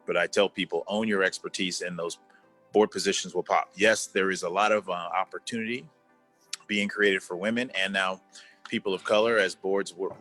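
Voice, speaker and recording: A man in his fifties with a low voice speaks as an interview guest over a video call, earnest and deliberate. He repeats key words to press his point. Soft music plays faintly underneath. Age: 50s. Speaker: guest, former executive. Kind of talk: conversational interview.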